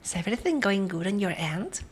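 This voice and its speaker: A woman's voice: mid-range voice, very animated, a little fast, slightly rough. A woman streamer, chatting casually with her viewers and greeting them one by one. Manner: chatty, greets viewers one by one, switches between English and Spanish.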